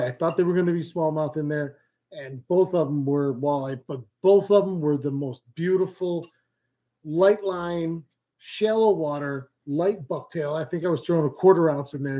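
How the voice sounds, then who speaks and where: Rambling, joking man with a higher voice. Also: warm tone. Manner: rambling, joking, easily sidetracked. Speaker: fishing livestream host. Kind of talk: casual live-stream chat. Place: home, indoors.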